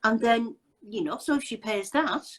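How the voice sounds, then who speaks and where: A woman hosts a casual video chat in a fairly high voice. She talks in a chatty, emphatic way and sounds fed up with what she is describing. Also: expressive, normal speed, poor audio. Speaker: host.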